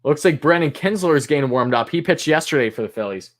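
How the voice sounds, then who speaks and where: A man hosting a live fan stream, calling pitches play-by-play and griping and swearing about the umpires in an exasperated voice that jumps high on big moments. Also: expressive, quick pace. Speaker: fan commentator and stream host.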